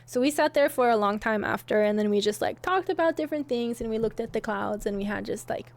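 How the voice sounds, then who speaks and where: High-voiced young woman telling a story. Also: animated, fast. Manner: rambling, giggly, many restarts. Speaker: streamer. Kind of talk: casual storytelling to chat.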